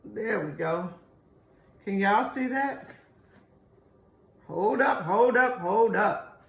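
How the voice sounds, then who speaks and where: A woman's voice: medium pitch, expressive, very slow. A woman hosting a casual home cooking video, chatty and homey, calling her viewers y'all. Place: home kitchen. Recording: echoey kitchen room.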